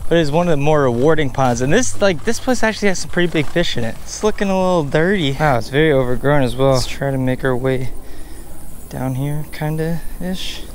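Male outdoor vlogger: casual, excitable, prone to loud outbursts, voice on the higher side, recorded by a pond. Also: brisk, a little hiss or hum. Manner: excitable, bursts into loud exclamations over catches. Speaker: fishing vlogger. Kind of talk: casual outdoor fishing vlog.

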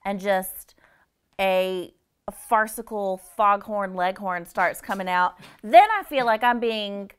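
A woman's voice: medium pitch, slow, clean tone. A woman in a casual panel chat, speaking with wry, dry quips.

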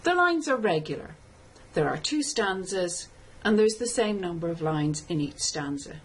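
A woman lecturer giving a scripted tutorial, explaining step by step in a measured way and reading lines of verse slowly. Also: fairly low pitch, sing-song, slightly rough, low-quality recording. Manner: measured, explanatory, reads poem aloud slowly. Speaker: literature lecturer.

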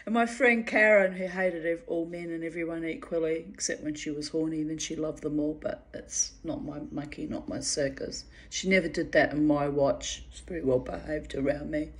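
A woman's voice: sits low, fairly even intonation, normal speed, few pauses. A woman telling a personal story in a casual way, laughing often and swearing freely.

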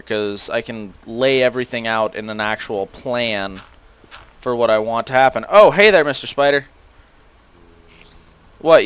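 A man's voice: mid-range voice, a bit bright, clear, resonant tone, no echo. A teenage boy casually commentating a video game, rambling with many fillers and self-deprecating asides. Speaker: gaming channel host.

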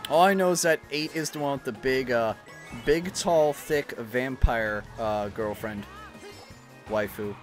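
A man's voice: mid-range voice, measured pace, soft background music. A young adult man streaming, chatting casually while gaming, rambling with lots of fillers and swearing freely.

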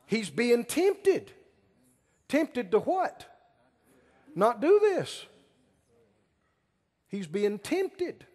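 A male pastor preaches with a high, swooping voice that rises and falls dramatically. He takes his time and stretches out key words, throwing questions at the congregation. The sound carries a long echo from a large hall. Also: big pitch swings, drawn-out words, pauses often, darkish tone. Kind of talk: sermon.

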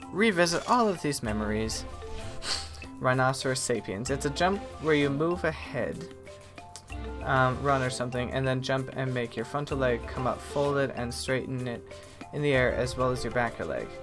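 A man's voice: mid-range voice, animated, moderate pace. A man chatting through a live gameplay stream, rambling, correcting himself and grumbling at the game. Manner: chatty, self-correcting, mildly exasperated. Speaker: gaming streamer. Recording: game music behind.

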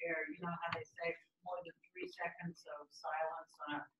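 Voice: mid-range voice, flat delivery, normal speed, noisy background. An audience member at a workshop asking the presenter a question in a hesitant way. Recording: distant, dull, echoey room pickup.

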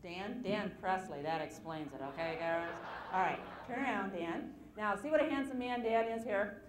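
A woman's voice: mid-range voice, normal speed, roomy sound, a crowd in the background. A woman giving a live seminar talk on stage to an audience, telling personal stories with self-deprecating humor and acting out the voices in them. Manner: animated storytelling, acting out quoted voices. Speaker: motivational seminar speaker.

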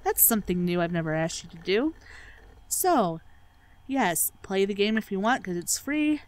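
Very animated and speaking at normal speed in a medium-pitched voice, this let's play host delivers gaming commentary that's sarcastic and profane. She freely swears and makes fun of the game's lines.

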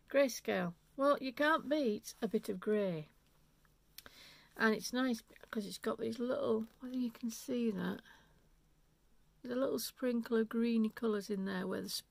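A knitting vlogger shows off yarn in an unscripted video, chatting enthusiastically, rambling, and cutting herself off mid-thought. Her voice is a little high and creaky.

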